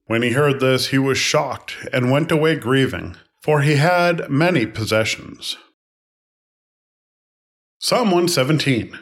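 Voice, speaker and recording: Man calmly reading scripture aloud. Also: mid-range voice. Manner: calm, even, unhurried phrasing. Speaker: scripture reader.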